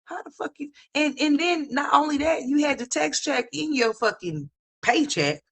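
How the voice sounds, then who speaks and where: A woman commentator ranting with incredulous, profane, rapid-fire talk full of restarts. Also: high-pitched, lively intonation.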